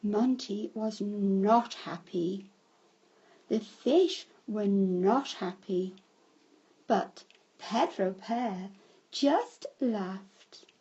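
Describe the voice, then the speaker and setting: A woman telling a children's story in a slow storybook manner, breaking into shouted cries for the characters. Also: medium pitch, husky, highs cut off.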